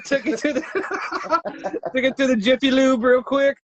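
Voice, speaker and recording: A man with a high voice jokes and riffs through a casual podcast chat, laughing often. The sound is a bit dull and lo-fi. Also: unhurried, a bit bright, dry recording. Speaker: podcast co-host.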